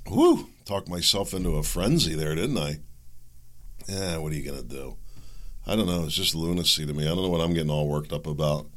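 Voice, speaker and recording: A man with an extremely low, slightly bright voice hosts a solo commentary podcast, ranting heatedly with repeated words and self-interruptions. He coughs at times and sarcastically mimics the other side in mocking asides.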